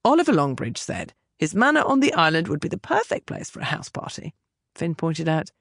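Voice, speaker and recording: A woman reads a historical romance audiobook aloud in scripted narration. Her pitch moves a lot as she tells the story. The recording is dry and close. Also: huge pitch swings, brisk, creaky, no room sound.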